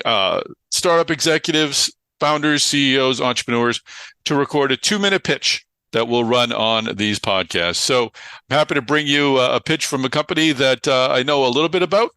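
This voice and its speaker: Male podcast host, casual and chatty, bright voice, dry close sound. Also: medium pitch, lively intonation, moderate pace, clean tone, no room sound. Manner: chatty, loose, with frequent fillers.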